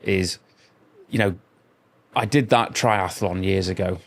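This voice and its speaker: A man's voice: deep voice, takes it slowly, a bit bright. A middle-aged man co-hosting a podcast, chatting casually in a rambling, anecdotal way with plenty of swearing. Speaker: podcast co-host. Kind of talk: casual chat.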